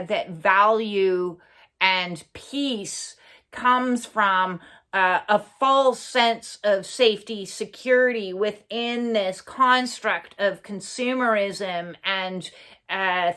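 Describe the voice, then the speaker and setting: A woman giving an earnest, reflective personal monologue for her own channel. She pauses often, fills gaps with "uh" and swears bluntly for emphasis. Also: medium pitch, pushed and bright. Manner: earnest, halting, many fillers and pauses. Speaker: spiritual channel host.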